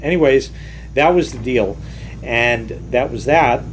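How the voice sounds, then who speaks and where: A man's voice: mid-range voice, a little slow, slight background noise. A middle-aged man hosting his own channel, telling a workplace story in a loose, casual way and swearing freely. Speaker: host.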